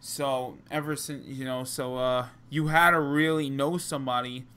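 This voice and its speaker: A man's voice: mid-range voice, fairly even intonation, normal speed, bright, forceful tone, smooth. A man with a New Jersey accent telling wrestling-business stories in a loose, rambling way, full of fillers and restarts. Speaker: podcast co-host. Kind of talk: casual storytelling chat.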